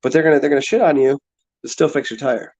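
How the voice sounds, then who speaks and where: A man chatting casually to his viewers, halting and repeating words, often restarting his sentences and swearing now and then. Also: on the high side, darkish tone. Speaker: streamer answering chat. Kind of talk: casual rambling chat. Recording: dull lo-fi sound.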